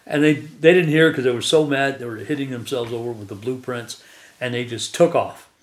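A man's voice: medium pitch, steady tone, brisk. Man, guest storyteller, rambling, laughs often, echoey room. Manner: chuckles often while telling stories. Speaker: guest telling his life story.

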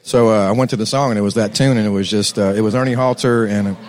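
A man's voice: lowish voice, fairly even intonation, fast, a little mellow. A man with a Texan accent, telling rambling stories as a musician guest on a casual chat show. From Texas. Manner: laid-back, rambling, laughs often.

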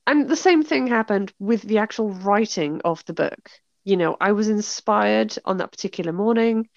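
A British author and podcast host chats casually in a gravelly, slightly fried mid-range voice at a normal speed, laughing often and acting out the reactions she quotes. The audio is dry and a little dull, with no echo.

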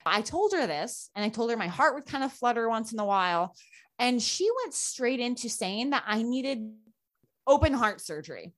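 A woman guest telling a personal story in casual talk, animated and full of "like" fillers, acting out the voices of people she quotes. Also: on the high side, moderate pace. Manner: chatty, frequent "like" fillers. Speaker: podcast guest.

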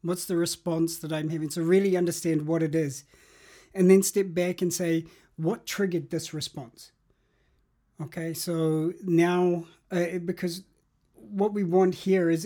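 A man speaks in a somewhat raised but warm, mellow tone as an interview guest. He explains ideas step by step, circling back and restarting phrases as he thinks aloud. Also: fairly high pitch. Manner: reflective, explaining with examples and restarts. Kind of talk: interview about habits.

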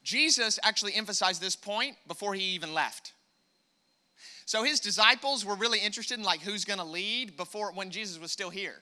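A man's voice: high-pitched, fairly quick. An American man preaching a sermon, emphatic and repetitive, calling on the congregation to respond. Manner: emphatic preaching, rising loud on key points, repeats words. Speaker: pastor.

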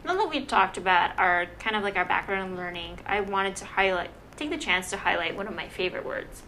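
A woman who is not a native English speaker, co-hosting a podcast in casual chat and enunciating clearly. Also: medium pitch, a little fast, bright, forceful tone, a little hiss or hum, poor audio. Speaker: podcast co-host.

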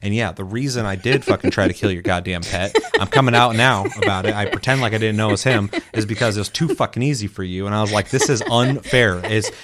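A man chatting casually about a video game, telling a story with lots of swearing and animated quoting. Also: lowish voice, quick pace, few pauses, crowd noise. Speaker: co-host. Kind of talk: casual gaming chat.

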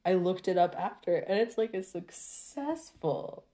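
A woman talking casually to her viewers in a rambling, exasperated rant full of halting restarts. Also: lowish voice, expressive, mellow.

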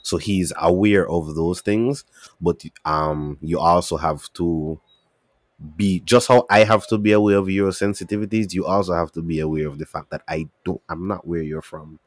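A man from Saint Kitts with a Kittitian accent, co-hosting a casual podcast chat, animated and emphatic. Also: low voice, moderate pace, dry recording, studio quality. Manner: animated, emphatic, shifts into local dialect. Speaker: podcast co-host.

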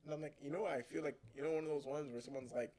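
A man's voice: a little high, fairly even intonation, very fast, mellow, rough recording. A young man co-hosting a podcast, telling stories in a laid-back, slangy way and laughing often. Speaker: podcast co-host. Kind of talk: casual podcast chat. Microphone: studio mic.

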